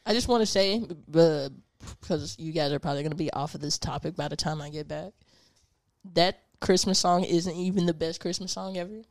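Brief: female co-host, mid pitch, rambling with "like" fillers, dead-dry mic. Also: brisk, no echo. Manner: chatty, hesitant, many fillers, laughs often. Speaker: podcast co-host. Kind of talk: casual podcast chat.

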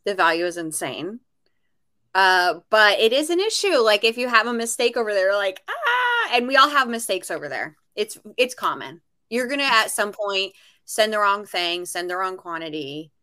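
A woman who resells and co-hosts a casual podcast speaks at normal speed in a mid-range voice. She tells stories animatedly, acting out what people said.

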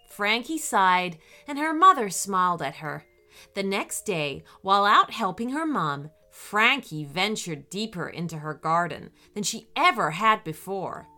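A woman hosting a children's story podcast, telling the story in an animated storyteller's manner. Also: mid-range voice, measured pace, faint music behind.

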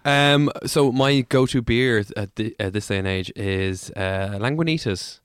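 A man co-hosting a comedic podcast, easygoing and chatty with quick quips. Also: medium pitch, clean tone, no room sound, clean studio sound. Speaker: podcast co-host.

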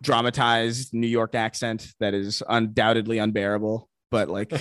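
A man chatting as a podcast guest, excitable and profane, tripping over quick restarts. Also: on the low side, dry recording, clean studio sound. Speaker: guest content creator. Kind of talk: casual podcast chat.

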